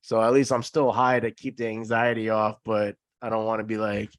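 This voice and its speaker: A man's voice: fairly low pitch, flat delivery, a little fast, dry recording, studio quality. A man as a podcast guest in casual chat, laid-back and rambling, often laughing.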